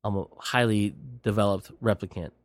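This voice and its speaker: A man's voice: on the low side, steady tone, normal speed, no room sound, pitched below the performer's own voice, lightly acted. A man doing a chummy android double. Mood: casual. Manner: casual slangy bro talk. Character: laid-back young male android double, chummy.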